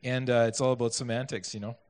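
A man's voice: medium pitch, little pitch movement, quick pace. A man preaching a sermon in a conversational way, asking his listeners questions and adding self-deprecating asides. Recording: echoey hall.

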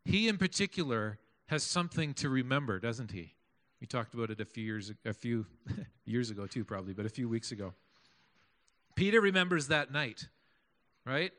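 A man preaching a sermon, animated and asking his congregation questions as he goes. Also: mid-range voice. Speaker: pastor.

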